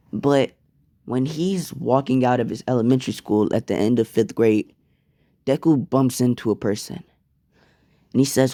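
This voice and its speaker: Young man, casual profane storyteller; slow delivery, dry close mic. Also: mid-range voice, warm tone, dry recording. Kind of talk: casual fan-fiction storytime.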